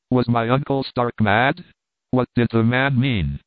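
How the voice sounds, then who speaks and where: A man reading a classic adventure novel aloud in a measured, dramatic first-person narration. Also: mid-range voice, no echo. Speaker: audiobook reader. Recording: dry, phone-like narrow sound.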